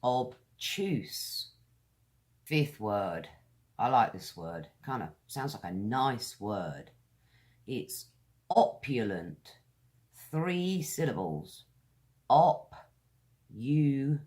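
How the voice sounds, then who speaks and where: Slow-speaking British woman teacher. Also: very deep voice, big pitch swings. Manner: slow, deliberate, drawn-out words; friendly direct address to viewers. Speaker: English teacher. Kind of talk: pronunciation lesson.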